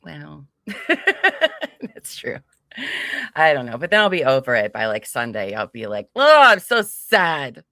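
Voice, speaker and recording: A woman's voice: a bass voice, animated, a little slow, vocal fry, long pauses, a bit bright, dry recording, studio quality. A woman co-hosting a casual livestream, greeting viewers by name with frequent giggles. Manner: bubbly, giggly, reads chat names aloud. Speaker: livestream co-host.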